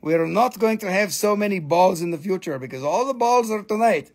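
Man, high husky voice, very animated, excitable, jokey live sales chat. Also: brisk. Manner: excitable, joking, swears casually. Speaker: crystal seller hosting a live sale.

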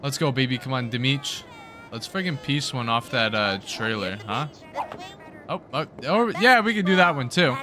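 A young man commentates his own video game match with hyped, slangy excitement. His pitch leaps around constantly as he cheers and groans. A steady hiss of noise sits under the recording. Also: normal speed. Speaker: gaming video host. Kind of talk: excited let's-play commentary.

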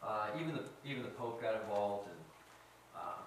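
A man telling a story as a sermon, animated and quizzing his audience. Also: fairly low pitch, normal speed, slight background noise. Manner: animated, asks the audience questions. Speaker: guest speaker. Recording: very echoey hall, mic at a distance.

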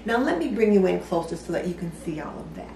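A woman's voice: fairly low pitch, sing-song, quick pace. A middle-aged woman giving a chatty, upbeat, homey show-and-tell tour of her kitchen decor. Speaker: home decor vlogger. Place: home kitchen. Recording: roomy echo, a little far from the mic.

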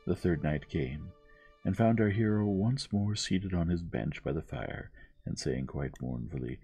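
A man reading a bedtime story aloud in a calm, measured, gentle narration. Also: rumbling low, creaky, soft background music.

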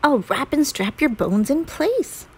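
A woman's voice: sits high, big pitch swings, measured pace, slight background noise, pitched above the performer's own voice, exaggerated voice. A woman voicing a confident male mummy monster who talks in a boastful, raised voice.

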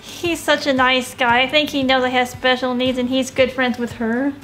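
A young woman from Tennessee chats as an interview guest, giving short, earnest answers with the odd playful aside. Her voice sits high and bright. Soft music plays faintly underneath. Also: little pitch movement, moderate pace. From Tennessee, USA. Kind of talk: casual interview while baking.

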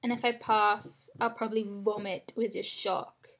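A woman's voice: medium pitch, flat delivery, a little slow, fairly bright tone, breathy edge. A young woman venting to the camera about failing, upset, rambling and frank, swearing often, recorded at close range in a small room. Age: young adult. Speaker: vlogger.

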